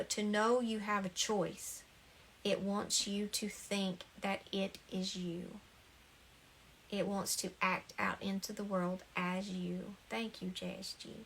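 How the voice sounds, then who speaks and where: A woman's voice: mid-range voice, a bit bright, a little hiss or hum. A woman giving an earnest, encouraging spoken talk about the ego, often repeating her phrases and laughing lightly. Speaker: spiritual talk host. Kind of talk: casual spoken talk on self-help.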